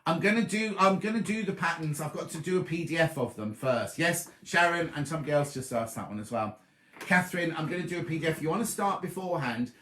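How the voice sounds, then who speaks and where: A man's voice: fairly high pitch, quick pace, sharp tone, reverberant. A man hosting a casual sewing live stream from his bedroom, rambling chattily and answering viewers by name, a little throaty. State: slightly throaty. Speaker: sewing show host. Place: bedroom at home.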